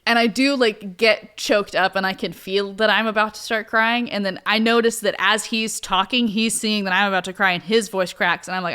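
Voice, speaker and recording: A woman co-hosting a casual podcast, telling a story with lively energy and frequent laughter. Her voice is smooth and clear, set at a middle pitch. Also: moderate pace, few pauses. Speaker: podcast co-host.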